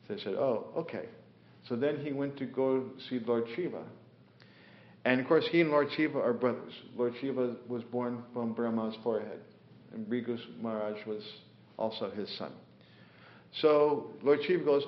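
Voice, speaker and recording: Guy teaching scripture stories, lots of uhs, does little voices for the gods, roomy echo, kinda muffled. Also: mid-range voice. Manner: unhurried, hesitant with many fillers, voices the figures in the stories. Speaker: spiritual teacher. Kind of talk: scripture class storytelling. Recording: echoey room, dull lo-fi sound.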